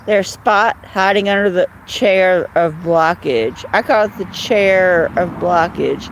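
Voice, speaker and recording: A woman's voice: lowish voice, takes it slowly, a little hiss or hum, rough recording. A woman hosting a casual live stream, chatting bluntly and rambling while answering viewers' comments. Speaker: live-stream host reading chat.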